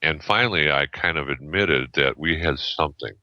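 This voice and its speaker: A man in his seventies, a podcast guest, telling a story in a rambling, halting way with many restarts and fillers, on a dull lo-fi recording. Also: extremely low pitch, sharp tone, no echo. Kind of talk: casual storytelling. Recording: dull lo-fi sound.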